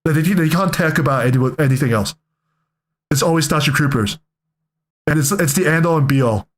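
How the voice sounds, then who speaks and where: A man's voice: fairly high pitch, brisk. A young man giving casual reaction commentary, rambling and joking, often correcting himself mid-sentence. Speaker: reaction streamer.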